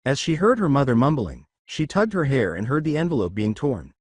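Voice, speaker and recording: A man narrating a fan fiction story with an expressive reading. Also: mid-range voice, a little fast, few pauses, dry recording.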